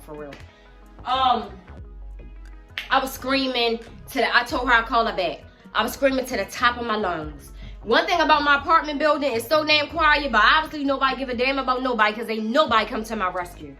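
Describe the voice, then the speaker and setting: Middle-aged woman, casual storytime vlogger: bright, animated and blunt, with faint music under her. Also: a little high. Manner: animated, profane, addresses viewers as y'all.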